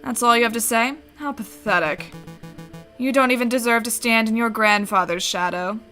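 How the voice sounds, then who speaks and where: A contemptuous male rival with a belittling edge, voiced by a woman. The voice is bright and a little high. Soft music lies underneath. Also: moderate pace. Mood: scornful. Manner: scornful, belittling. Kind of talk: game voice-over reading.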